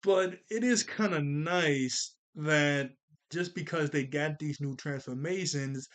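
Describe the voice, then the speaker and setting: A man giving casual, excitable commentary on a film, often laughing and stumbling over his words. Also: fairly high pitch, takes it slowly. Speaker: channel host reacting to an anime film.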